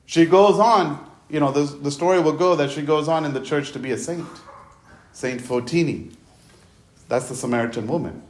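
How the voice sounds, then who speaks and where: A man's voice: a little high, lively intonation, moderate pace. Conversational man preaching a sermon. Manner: conversational, retells scripture in his own words; repeats words and restarts often.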